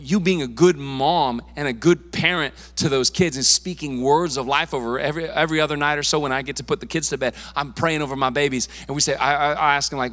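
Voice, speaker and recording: A male pastor preaching a sermon in a church, casual and emphatic, with quick asides and repeated words. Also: fairly high pitch, fairly bright tone. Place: church sanctuary. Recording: long reverb of a church hall.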